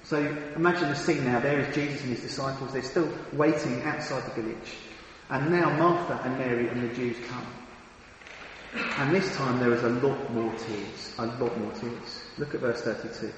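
A man with a medium-pitched voice preaches a sermon at a moderate pace, earnest and emphatic, often restarting and repeating his words. The hall is very echoey with long reverb, and there's slight background noise.

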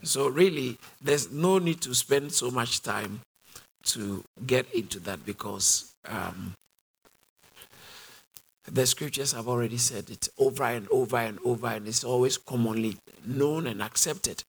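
A man's voice: medium pitch, measured pace, slightly rough. A man with a British accent teaching a sermon, driving his points home through repetition and call-and-response questions to the congregation. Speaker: Bible teacher.

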